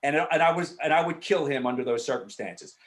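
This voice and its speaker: A man, an actor, answering questions in a casual Q&A over a video call, frank and animated, swearing freely and filling talk with asides. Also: fairly high pitch, brisk. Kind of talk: casual Q&A storytelling.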